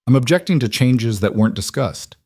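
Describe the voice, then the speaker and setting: A man's voice: medium pitch, expressive, fairly quick, a little mellow, dry recording, clean studio sound, voice pushed up. A man voicing a curt, commanding CEO. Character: curt demanding male billionaire CEO.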